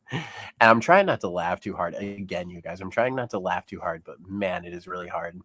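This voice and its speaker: A man's voice: sits low, expressive, normal speed, a bit bright. A young man with chest congestion, sick, chatting casually through a commentary vlog, chuckling often and rambling with lots of fillers. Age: young adult. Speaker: YouTuber reading comments.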